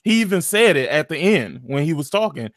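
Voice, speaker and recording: A man's voice: a little high, big pitch swings, brisk, dry recording, clean studio sound. A man, animatedly retelling a video game story in casual chat, full of slang and profanity. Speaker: gaming podcast co-host.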